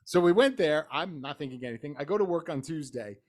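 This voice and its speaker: Middle-aged man, podcast co-host with a slightly high voice, rambling and self-mocking, casual chat. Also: expressive, quick pace. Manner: rambling storyteller, laughs at himself.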